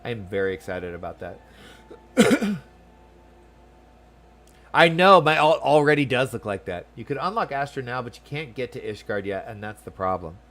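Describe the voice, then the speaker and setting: A man casually commentating his game session, chatty and excitable, often reading the on-screen text aloud. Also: mid-range voice, moderate pace, long pauses. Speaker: game streamer. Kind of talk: let's-play commentary.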